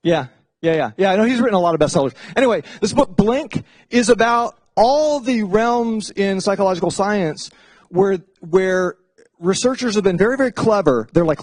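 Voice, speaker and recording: Middle-aged man, professor, casual lecture, animated, swooping pitch, dry close sound. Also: normal speed, no room sound. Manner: chatty, animated, jumps into playful voices for asides. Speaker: psychology professor.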